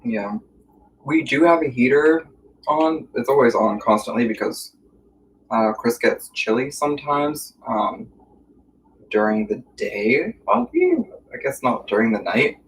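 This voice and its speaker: A man chatting casually on a live stream while he eats at home, hesitant and full of filler pauses. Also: medium pitch, distant mic, slight background noise, low-quality recording. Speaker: livestream co-host. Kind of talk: casual chat while eating. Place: warm room at home.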